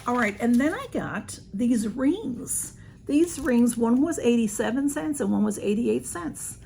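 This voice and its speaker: Chatty, slightly hoarse woman. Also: fairly high pitch, expressive, measured pace, warm tone, slight background noise. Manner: chatty, rambling, talks to her cats. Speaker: vlogger reviewing a shopping haul. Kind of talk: casual haul video chat. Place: home.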